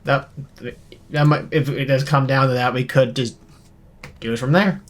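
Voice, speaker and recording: A man's voice: medium pitch, fairly even intonation, moderate pace. A man co-hosting a let's play, chatting casually and a bit hesitantly about games. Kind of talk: casual chat while gaming.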